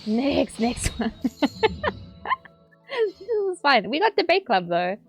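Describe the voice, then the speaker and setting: A woman streaming a game, chatting casually with viewers, excitable and swearing, squealing at her pulls. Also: high voice, moderate pace, gravelly, soft background music.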